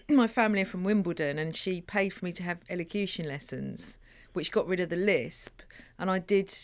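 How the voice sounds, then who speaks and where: A woman's voice: lowish voice, normal speed. A woman co-hosting a radio chat from a studio, with a voice that sounds much younger than her age. She talks in a hesitant way, often stopping to restart her sentences. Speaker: radio co-host. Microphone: studio mic.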